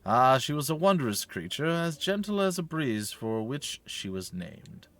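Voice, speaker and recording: A man's voice: mid-range voice, very animated, a bit bright. A man putting on a stately old knight. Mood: solemn. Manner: archaic formal speech, slow and stately. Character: older male knight, loyal, protective, old-fashioned. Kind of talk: reading game dialogue aloud.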